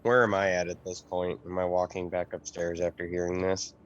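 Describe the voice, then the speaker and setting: Deep-voiced man asking eager questions. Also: monotone, brisk, a little hiss or hum. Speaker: player. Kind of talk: tabletop game play. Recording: lo-fi recording.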